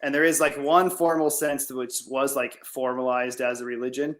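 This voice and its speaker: Speaking at a moderate pace in a medium-pitched, slightly bright voice with little pitch movement, this farmer guest chats loosely over a remote call, wandering off topic and filling his talk with "like."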